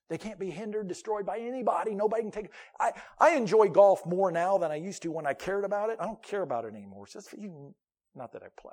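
A man with a high voice preaching a sermon in church. He talks in a lively, conversational way, swinging from loud emphatic lines to quiet asides. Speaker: pastor. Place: church service with a band.

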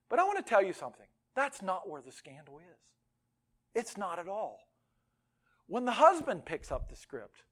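Male pastor, high and lively voice; booms one moment, drops to a hush the next, jokes at his own expense. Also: moderate pace. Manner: animated, swings from loud outbursts to hushed near-whispers; self-deprecating humor. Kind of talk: sermon.

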